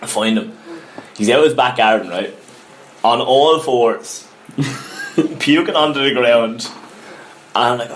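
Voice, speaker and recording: A young man with an Irish accent, co-hosting a casual podcast and telling animated stories, laughing as he goes. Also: on the high side, a little fast, a little hiss or hum. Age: young adult. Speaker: podcast co-host. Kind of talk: casual storytelling chat.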